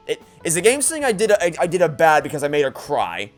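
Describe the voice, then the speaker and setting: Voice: medium pitch, wildly swooping pitch, fast talker, soft background music. A let's play gamer giving emotional commentary, stammering often, getting exasperated and swearing.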